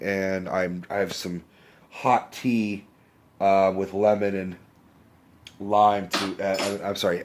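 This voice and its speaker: A man's voice: deep voice, a little mellow. A man hosting a casual movie review rant, rambling and swearing, with a cough and a sore throat, recorded on a handheld phone. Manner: rambling, swears freely, self-correcting. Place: indoors under a bright lamp. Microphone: handheld phone camera.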